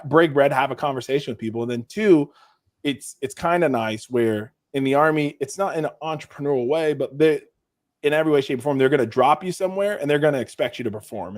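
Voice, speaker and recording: A man's voice: medium pitch, no room sound. Podcast guest, man, mid-range voice, casual and rambling, lots of restarts, dry close recording. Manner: rambling, with many restarts and "like" fillers; relaxed and self-deprecating. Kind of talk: casual interview chat.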